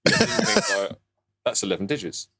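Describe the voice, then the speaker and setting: A man's voice: fairly high pitch, wildly swooping pitch, a little fast, a loud crowd. A man, co-hosting a podcast, telling a news story in a rambling casual way. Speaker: podcast co-host.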